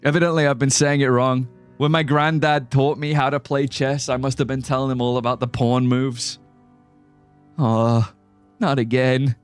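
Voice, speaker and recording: His mid-range voice is flat and clean, moving at a moderate pace with hardly any pauses. While streaming a game, he chats casually with his audience, rambling, joking and laughing often as faint music plays.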